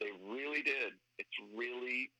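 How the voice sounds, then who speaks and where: A man, a guest writer, telling stories in a casual interview and breaking into animated exclamations. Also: unhurried, no room sound, low-quality recording. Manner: animated, bursts into high-pitched acted exclamations.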